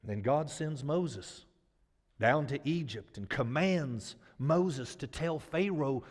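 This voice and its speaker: Dramatic high-voiced preacher man. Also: lively intonation, slow. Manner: dramatic and emphatic, folksy phrasing. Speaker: pastor. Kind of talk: sermon. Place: church sanctuary. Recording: long church-hall reverb.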